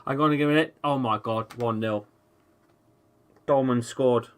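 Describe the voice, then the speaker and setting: A man with a mid-range voice, speaking a little slowly, hosts a live football watchalong stream. Excitable and swearing freely, he rants at the match and reads out messages from viewers' chat.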